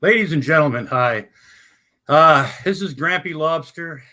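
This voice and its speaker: A man chats to his livestream audience from his home, his voice bright and cutting. He rambles from thought to thought, addresses everyone as folks, and drops curse words without a second thought. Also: a little high, expressive, measured pace. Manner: rambling, loud bursts, swears casually, addresses "folks". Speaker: livestream host. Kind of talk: rambling livestream chat to viewers. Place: indoors at home.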